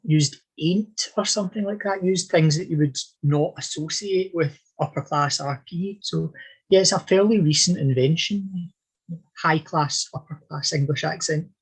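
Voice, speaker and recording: A man's voice: fairly high pitch, moderate pace, husky, poor audio. A man speaking as a historian guest in a podcast interview, talking in a discursive, thoughtful way with frequent self-corrections.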